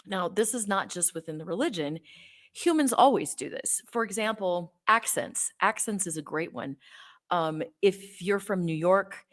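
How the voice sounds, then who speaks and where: A woman's voice: lowish voice, lively intonation, moderate pace, fairly bright tone. A woman hosting her own channel, earnestly explaining her points one by one to the camera. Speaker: host.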